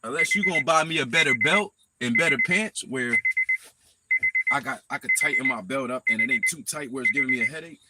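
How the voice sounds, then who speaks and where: A man's voice: mid-range voice, fairly quick, very noisy. A man hosting a live stream, ranting angrily and speaking straight at the person he criticizes. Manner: angry ranting, addresses his target directly. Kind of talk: heated live stream commentary.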